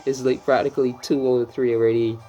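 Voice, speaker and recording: A man's voice: mid-range voice, little pitch movement, fast, warm tone, muffled recording. A man from Barbados giving casual, rambling commentary while playing a racing game, drifting into swearing rants. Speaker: gameplay commentator.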